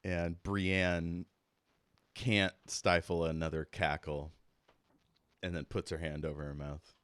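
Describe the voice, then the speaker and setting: Slow, deep-voiced man running a game. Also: level tone, fairly bright tone, no room sound. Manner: laid-back, rambling with fillers. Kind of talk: narrating a tabletop game.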